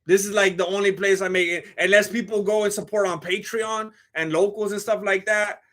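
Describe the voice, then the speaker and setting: A man's voice: high-pitched, fairly even intonation, a little fast, a bit bright. A man hosting a live fight commentary stream, talking in a blunt, joking, chatty way.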